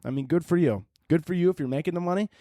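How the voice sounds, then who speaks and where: A man's voice: on the high side, rapid-fire, no room sound, studio quality. A young man hosting a podcast, ranting casually with lots of swearing and restarts. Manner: profane, animated, rambling with restarts. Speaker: podcast host. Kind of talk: casual rant.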